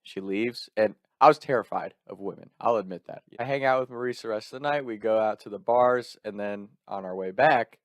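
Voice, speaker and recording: A young man casually telling a personal story in an animated way, laughing often and swearing freely. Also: lowish voice, fairly quick, few pauses, no room sound.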